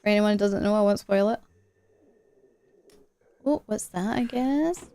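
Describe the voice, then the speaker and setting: A woman streams a game live, chatting, laughing often and joking about her accents as she plays. Her voice is smooth and warm, medium in pitch and a little slow.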